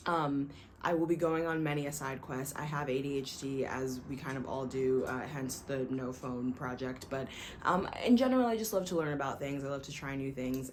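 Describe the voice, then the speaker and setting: A woman's voice: a bass voice, slight background noise. A young woman talking casually to camera in a rambling, self-deprecating way with many fillers. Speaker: vlogger, software engineer.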